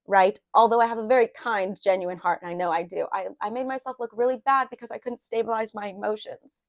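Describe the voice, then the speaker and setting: A woman reads tarot casually in a medium-pitched voice, steady in tone, fast, and with few pauses. Her talk rambles and confides, riddled with fillers and restarts, and she's openly emotional about what she feels.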